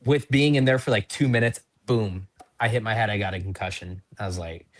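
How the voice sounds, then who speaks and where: Man, fairly low voice, casual, rambling, self-deprecating, interview guest. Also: fairly quick. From North Dakota. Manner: rambling, chatty, self-deprecating, lots of ums and likes. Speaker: pro wrestler, podcast guest.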